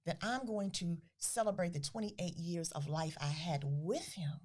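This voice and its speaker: A middle-aged woman who founded a grief foundation, speaking earnestly as a podcast guest, with soft, breathy trailing phrases. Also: fairly low pitch, unhurried. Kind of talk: podcast interview.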